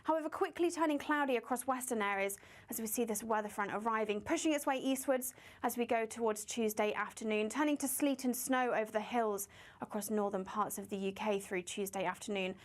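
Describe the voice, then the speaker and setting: Woman, weather forecaster, brisk delivery, fairly high voice. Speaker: weather presenter.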